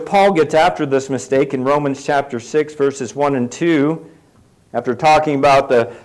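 A man's voice: a little high, low-quality recording. A middle-aged man preaching a sermon in a conversational way, putting questions to the congregation and adding light asides. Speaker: pastor.

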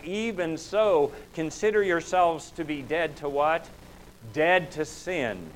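A man's voice: fairly high pitch, a little hiss or hum, rough recording. A man preaching a sermon in a church, asking rhetorical questions and pushing his voice up for emphasis. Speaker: pastor.

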